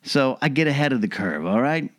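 A man's voice: medium pitch, fairly quick. Man giving mock-serious comedic advice. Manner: mock-serious, animated, rhetorical asides. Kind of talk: casual comedic monologue.

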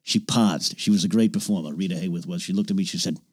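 An older man plays an aging, boastful old-Hollywood film producer hosting a comedy podcast, rambling, name-dropping, and sometimes slipping into low confidential mutters. He talks fast in a slightly mellow voice, recorded dry and at studio quality in a small home recording nook.

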